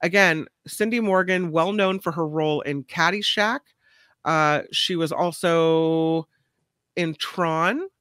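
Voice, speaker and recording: A woman's voice: sits low, slow, fairly bright tone, dry recording, clean studio sound. A woman co-hosting a radio show, chatting casually about celebrity news with plenty of fillers. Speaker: co-host.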